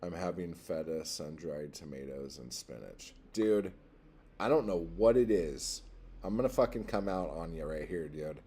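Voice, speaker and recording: A man's voice: sits low, expressive, moderate pace, warm tone, slightly rough. A man hosting a casual livestream, reading chat and rambling, profane and easily worked up.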